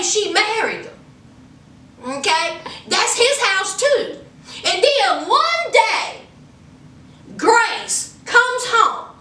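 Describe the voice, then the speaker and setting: A woman's voice: very high voice, bright, forceful tone, reverberant, recorded from a distance, slight background noise. A woman retelling a movie plot in a casual, sassy way, full of chatty asides. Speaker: movie reviewer.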